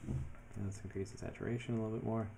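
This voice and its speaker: A man talking casually through his design work as he goes, thinking aloud in a relaxed way with many fillers. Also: on the low side, quick pace, creaky, slight background noise. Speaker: web developer building his portfolio. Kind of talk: casual screen-share commentary.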